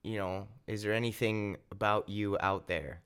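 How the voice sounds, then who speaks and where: A man's voice: fairly low pitch, fairly even intonation, moderate pace, a bit bright, clean tone. A man co-hosting an improvised comedy interview, asking questions with a dry, mock-serious manner. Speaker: comedy show co-host.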